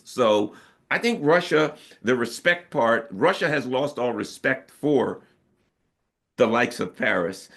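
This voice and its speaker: A male commentator speaks in a political interview, his voice gravelly with a rough fry underneath. His pitch rises and falls widely as he talks. He is sarcastic and lively, slipping into voices to mimic the people he describes. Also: slow. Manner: sarcastic, acts out quoted voices. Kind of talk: animated political talk.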